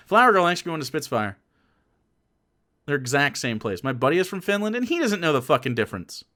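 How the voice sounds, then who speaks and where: A young man with a high voice that leaps all over the place, ranting sarcastically as he reacts to a video on stream. He swears freely and talks in quick, rambling bursts. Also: big pitch swings, sharp tone. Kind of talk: casual reaction commentary.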